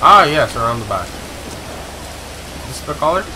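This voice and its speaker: A young man hosts a gaming let's-play, role-playing police radio calls between rambling asides full of filler pauses. He's excitable and exclaims loudly in startled bursts. His voice is fairly high, with slight background noise and a rough recording.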